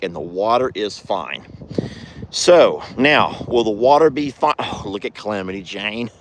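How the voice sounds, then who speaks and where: A man's voice: medium pitch, slight background noise. An older man, a rancher who chats casually to the camera and exclaims fondly at his animals. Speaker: rancher vlogger.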